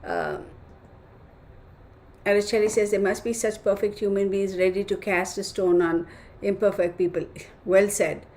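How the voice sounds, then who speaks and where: A woman's voice: medium pitch, expressive, normal speed, long pauses, darkish tone. A woman hosting a casual livestream, chatting, reading viewer comments aloud and laughing often. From United States. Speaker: tarot channel host.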